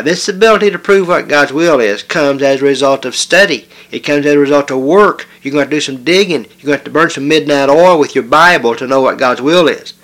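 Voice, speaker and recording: Man, preacher, emphatic sermon, bright forceful tone, hesitant restarts. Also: medium pitch. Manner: emphatic, repetitive preaching with rising stress on key words.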